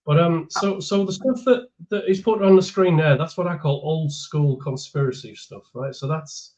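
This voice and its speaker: A man's voice: fairly high pitch, moderate pace, darkish tone, highs cut off. A man chatting casually on a call, hesitant and trailing off at the ends of his thoughts. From Teesside, England. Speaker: co-host or guest on a call. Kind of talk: casual chat.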